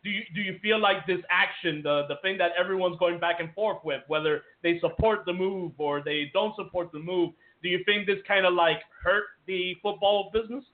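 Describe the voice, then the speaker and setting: A high-pitched man co-hosts a radio-style podcast. He rambles and stumbles over his words, restarting his sentences and laughing often. The sound is thin and tinny, like a phone line. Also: a little fast, few pauses. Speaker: radio show co-host. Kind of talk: podcast interview.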